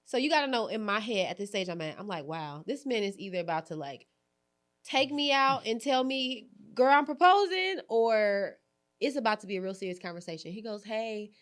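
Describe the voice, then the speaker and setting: Lively woman podcast host telling stories. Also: medium pitch, quick pace. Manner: animated storytelling, acts out quoted lines, frequent laughs. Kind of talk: candid podcast conversation.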